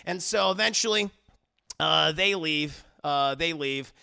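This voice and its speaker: A man with a high, bright, gravelly voice rambles through a comic movie recap. He talks animatedly, swears often and restarts his sentences. He often breaks into loud laughter. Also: a little slow. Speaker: movie reviewer.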